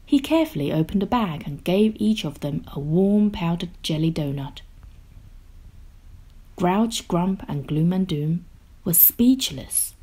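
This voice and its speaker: Storyteller, woman; unhurried, lively pitch, breathy, children's picture book read-aloud. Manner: slow, gentle and expressive, drops to a hush.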